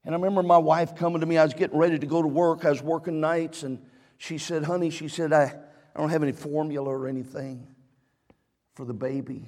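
Middle-aged male pastor, storytelling sermon, fervent, fairly high voice in a reverberant hall. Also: little pitch movement, fast, a little mellow. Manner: storytelling, building to fervent preaching. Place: church sanctuary.

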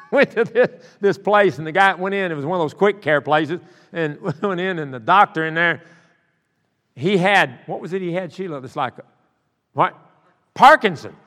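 A man's voice: fairly high pitch, a bit bright. A middle-aged man preaching a sermon, folksy and rambling, with many restarts as he tells stories. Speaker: pastor. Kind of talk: sermon with storytelling. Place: church sanctuary. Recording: long church reverb.

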